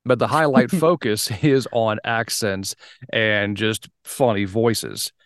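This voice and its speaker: A man's voice: on the low side, steady tone, slow pace, a bit bright, no room sound, clean studio sound. A man hosting a casual podcast interview, chatty and easygoing, laughing often as he explains things. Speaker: podcast host.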